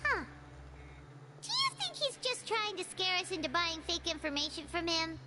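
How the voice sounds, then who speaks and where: A woman's voice: extremely high pitch, big pitch swings, normal speed. A woman voicing a tiny, chirpy floating female fairy-like companion in a video game who talks about herself in the third person. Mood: chatty. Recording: noisy game audio.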